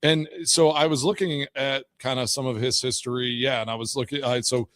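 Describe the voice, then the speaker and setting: A man's voice: mid-range voice, flat delivery, fairly quick, fairly bright tone. A man hosting a sports talk radio show, rambling along with lots of "like" and "you know" as he chats. His voice sits in a middle register, and the studio sound is close and dry with no room echo. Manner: rambling, chatty, many fillers and restarts. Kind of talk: casual sports radio chat. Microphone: studio microphone.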